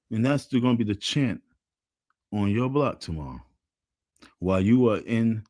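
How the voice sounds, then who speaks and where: A Black man rants on his livestream in a lowish voice at a moderate pace, and the sound is dry with no room echo. He gets animated, his voice leaping all over, chanting things repetitively and putting on mocking voices to ridicule people.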